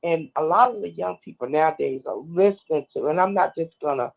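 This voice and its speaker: Woman caller, earnest, gravelly, tinny phone line. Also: deep voice, fairly quick. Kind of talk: call-in radio commentary.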